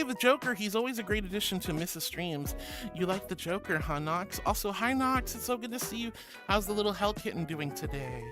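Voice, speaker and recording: A man streaming live, reading chat aloud and playfully calling viewers honey and sweetie. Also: high voice. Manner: playful and giggly.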